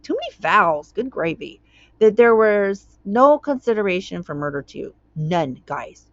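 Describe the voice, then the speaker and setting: A woman's voice: medium pitch, sing-song, measured pace, no echo, muffled recording. A woman hosting her own channel, reading a court document aloud and commenting on it in a chatty way, tripping over words and wandering into tangents.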